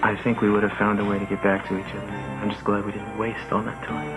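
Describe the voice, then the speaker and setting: A man playing a playful, affectionate young lover in a 1980s TV soap opera. His talk is warm and romantic, set against loud music in the background. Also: lowish voice, flat delivery, fast, natural voice, poor audio. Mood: tender.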